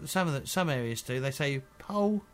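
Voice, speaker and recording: A man's voice: medium pitch, lively intonation, moderate pace, over music. A man playing a tabletop game who stammers and jokes. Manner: stammering, playful. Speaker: player. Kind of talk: casual tabletop play.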